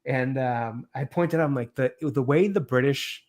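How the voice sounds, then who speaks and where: A man's voice: mid-range voice, moderate pace, darkish tone. A man co-hosting a casual film review chat, talking loosely, laughing often and restarting his sentences. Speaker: podcast co-host.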